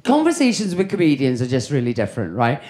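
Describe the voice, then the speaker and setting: A woman's voice: extremely low pitch, wildly swooping pitch, fast talker, dark tone. A woman in her fifties doing a stand-up comedy set on a club stage, brash, sweary and chatting straight to the crowd. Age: 50s. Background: audience laughter.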